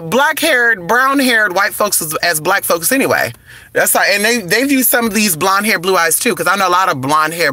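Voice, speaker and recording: Man, sassy, campy, swooping delivery, bright tone. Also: high voice. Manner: sassy, campy, drawn-out and expressive. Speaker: channel host reading live chat. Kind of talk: casual livestream chat.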